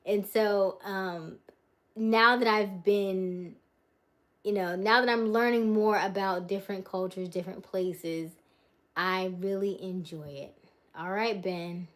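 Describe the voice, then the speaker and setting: A woman's voice: mid-range voice, fairly even intonation, slow. A woman hosting a casual livestream from her home, chatting and answering viewer comments aloud, laughing often and trailing off. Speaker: livestream host. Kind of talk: casual live-stream chat. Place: her home, mid-move.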